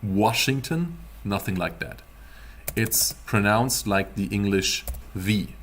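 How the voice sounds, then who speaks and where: A man teaching a beginner language class, explaining pronunciation slowly in a playful, teasing way. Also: lowish voice, a bit bright, slight background noise. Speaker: German teacher.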